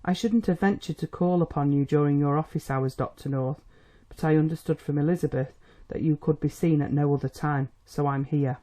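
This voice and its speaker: A reader voicing an earnest young male engineer, speaking in a steady, self-possessed, polite way. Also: medium pitch, a little fast, lightly acted.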